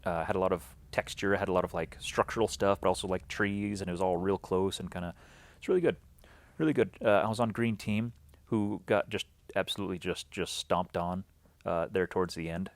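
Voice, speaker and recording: A man's voice: sits low, a little fast, dry recording. A man recapping a weekend game event in a loose, rambling way, full of fillers and restarts, acting out bits of dialogue.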